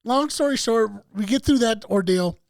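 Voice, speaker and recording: Man, podcast co-host, gravelly voice, dry close sound, profane animated storytelling. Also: very high-pitched, normal speed, no room sound. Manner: animated, profane, acts out other people's voices. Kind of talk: casual storytelling.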